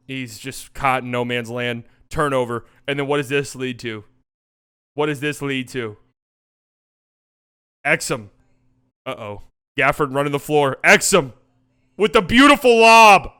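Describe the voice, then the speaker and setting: A man hosting a sports channel, talking through game footage in a casual, excitable way, swearing and joking freely. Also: medium pitch, clean tone. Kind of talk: casual game-film breakdown commentary.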